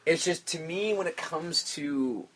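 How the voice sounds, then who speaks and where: A man's voice: a little high, unhurried, fairly bright tone, rough recording. A man co-hosting a podcast in casual, laid-back chat, swearing freely and agreeing often. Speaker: podcast co-host. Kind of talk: casual wrestling recap chat.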